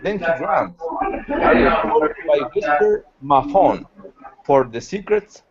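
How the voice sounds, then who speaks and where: A man's voice: a little high, expressive, slow pace, lo-fi sound, over a noisy crowd. A man reading aloud hesitantly as a student in an online lesson.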